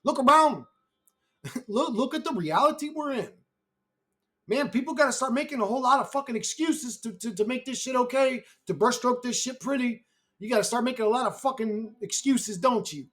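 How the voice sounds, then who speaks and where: A man's voice: very high-pitched, moderate pace, fairly bright tone. A man talking alone on his channel in a brash, profane, rambling monologue, laughing often at his own remarks. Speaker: YouTuber.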